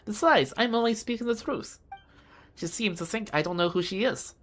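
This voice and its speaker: A woman's voice: mid-range voice, normal speed, a bit bright, voice pushed up, close to an everyday voice. A woman voicing a sly female merchant in a put-on Slavic accent, teasing and stumbling over some words while reading game dialogue aloud.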